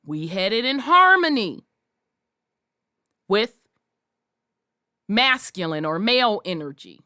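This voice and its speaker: A woman hosting a podcast, delivering a forceful, profanity-laced monologue in a preachy way. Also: medium pitch, sing-song, slow, long pauses, dry recording, studio quality. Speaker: podcast host.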